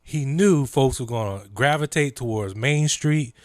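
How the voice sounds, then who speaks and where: A man's voice: mid-range voice, measured pace, no echo, clean studio sound. A man hosting a live stream, telling stories animatedly with lots of fillers and impressions. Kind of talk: casual chat.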